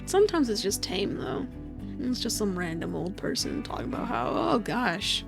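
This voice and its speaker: A woman's voice: mid-range voice, very animated, normal speed, creaky. A young woman vlogger telling casual stories in a rambling, laid-back way, swearing freely and laughing often. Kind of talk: casual storytelling while crafting. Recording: faint music behind.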